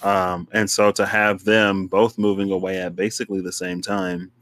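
A young man chatting casually, his voice bright and forward and recorded very dry and close. He is animated, laughs easily, and leaps up in pitch when he acts out what he thought. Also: moderate pace, no room sound. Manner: animated, laughs often, jumps into high-pitched quoted voices. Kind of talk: casual chat.

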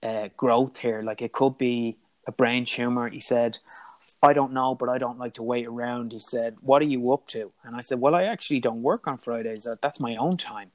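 A man's voice: medium pitch, fairly even intonation, normal speed, few pauses. An Irish man, a guest in an interview, candidly retelling a personal story with frequent restarts and quoted dialogue.

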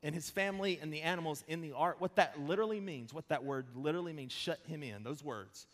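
A pastor in his thirties giving a conversational sermon, mixing quick humor with slow emphatic pauses. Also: fairly high pitch, a bit bright. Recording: long hall reverb.

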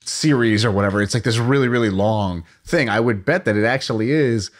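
Low voiced podcast guy thinking out loud, repeats words, casual. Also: a little fast. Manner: musing, puzzled, repeats words as he thinks aloud. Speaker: podcast co-host.

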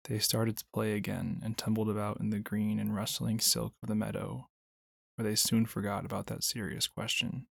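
Gravelly, husky man reading a storybook. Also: fairly low pitch, level tone, normal speed, no room sound, clean studio sound. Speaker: narrator.

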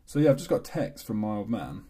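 Man, podcast co-host, sweary storyteller, lively pitch, husky voice. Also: fast talker. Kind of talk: casual chat.

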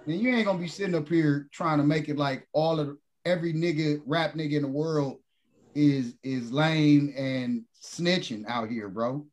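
A man co-hosting a podcast in casual chat, slangy and animated, calling everyone "bro". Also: on the high side, normal speed. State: smoking while talking. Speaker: podcast co-host.

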